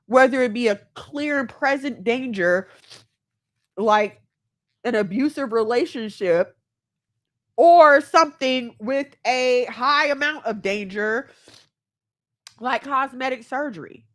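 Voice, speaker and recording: A fairly high female voice, slow and full of pauses, belongs to a podcast host in her thirties. She speaks to her listeners with candor and emotion about family and self-love.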